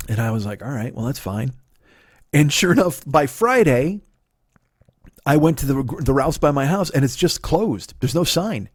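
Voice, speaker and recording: A man's voice: fairly high pitch, lively intonation, moderate pace, slightly rough, dry recording, clean studio sound. Profane man telling a rant story. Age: 40s. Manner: profane, ranting retelling with shouted quotes. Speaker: comedian. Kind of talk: storytelling monologue.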